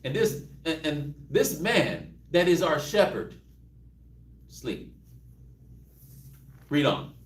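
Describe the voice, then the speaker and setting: Animated Texan Bible teacher, high voice. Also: male voice, slow pace, long pauses. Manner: animated, joking, acts out scenes. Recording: roomy, distant mic.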